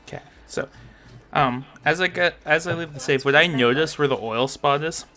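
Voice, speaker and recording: A man playing a tabletop game, playful and quick to act out his character. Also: on the high side, sharp tone, faint music behind. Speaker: player.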